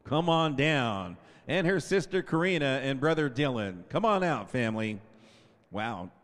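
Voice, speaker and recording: In a school gym, a fifties-aged man handles the PA microphone for senior night, drawing out the players' names with chatty asides between them. His medium-pitched delivery is very animated yet a little slow, and the gymnasium makes it echo.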